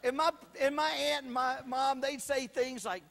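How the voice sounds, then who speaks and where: A man's voice: very high voice, steady tone, normal speed, fairly bright tone. A man telling folksy stand-up comedy stories, drawing out his punchlines.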